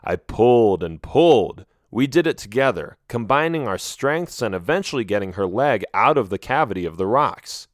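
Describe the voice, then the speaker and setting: A man reading a first-person children's animal story aloud with an expressive, animated delivery. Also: on the low side, normal speed, hardly any pauses, no echo, clean studio sound. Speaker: audiobook narrator.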